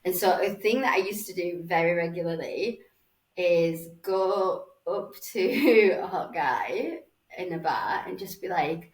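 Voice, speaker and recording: A woman in her forties from Northern England, with a fairly low voice and an unhurried pace, tells a dating story as a podcast guest. She's chatty and sweary, acting out voices as she goes. The mic sounds roomy and slightly distant.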